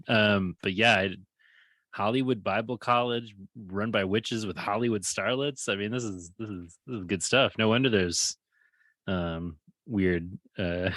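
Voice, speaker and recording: Co-host, man, very deep, jokey and animated, dry close mic. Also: measured pace, no echo. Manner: jokey, animated, laughs often. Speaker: podcast co-host. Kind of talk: casual chat.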